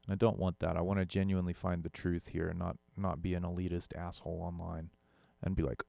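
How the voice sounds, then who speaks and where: A young man with a deep, low voice talks loosely through a studio gear comparison. He rambles and corrects himself mid-sentence, sprinkling in fillers. The recording is close and dry, with no room sound. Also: little pitch movement, fast talker, vocal fry, dark tone, no room sound. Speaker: musician demonstrating audio gear. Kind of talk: casual tech demo talk.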